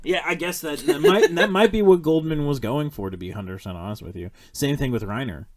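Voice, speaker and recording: Lively, blunt-talking man. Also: fairly high pitch, a little fast, a crowd in the background. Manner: animated, blunt and profane. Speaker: podcast host. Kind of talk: casual film discussion.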